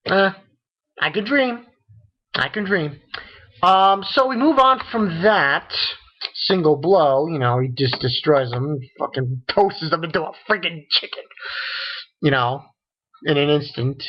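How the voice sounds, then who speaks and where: A man rambles through a casual review, excitable and full of fillers. His voice swings up and down a lot. The recording sounds dull and lo-fi. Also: on the high side, unhurried. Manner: rambling, excitable, lots of fillers and quoted character lines. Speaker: manga reviewer.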